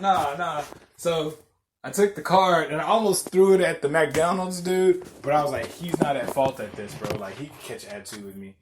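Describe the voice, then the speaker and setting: Young male podcaster, slightly high voice, animated profane storyteller who acts out every quote; faint background hiss. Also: normal speed. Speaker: podcast host. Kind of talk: casual storytelling rant.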